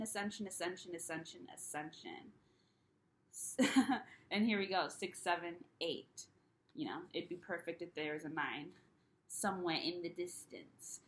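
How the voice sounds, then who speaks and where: A woman's voice: mid-range voice, a bit bright. A young woman chatting on her own spiritual video channel, rambling loosely with restarts and little laughs, candid and self-mocking. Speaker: spiritual YouTuber. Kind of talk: casual solo vlog chat.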